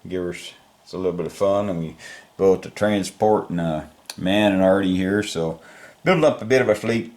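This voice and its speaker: A man's voice: sits low, normal speed, darkish tone. A man voicing an easygoing American general with a put-on Texan drawl, rambling and folksy.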